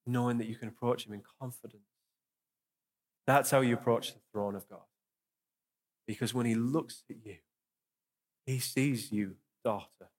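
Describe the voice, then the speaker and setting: A young adult man preaching as a pastor, earnest and encouraging, repeating phrases for emphasis, and leading a closing prayer. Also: mid-range voice. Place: church hall. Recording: long reverb of a church hall.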